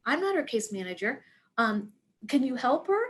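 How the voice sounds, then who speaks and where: A woman's voice: sits high, normal speed. A woman telling a personal work story, acting out the dialogue as she goes. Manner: animated, acts out quoted dialogue. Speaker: speaker sharing a work experience.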